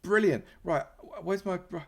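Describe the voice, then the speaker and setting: A Minecraft YouTuber talks casually over his gameplay, playful and chatty as he teases and thanks his supporters. He has a middle-pitched voice, and the recording is very noisy.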